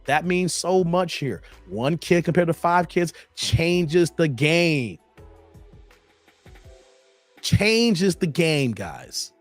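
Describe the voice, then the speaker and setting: A man's voice: fairly high pitch, very animated, very slow, long pauses, faint music behind. Chatty male livestream commentary host. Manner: chatty, reads chat aloud, repeats phrases. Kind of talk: livestream commentary reacting to clips.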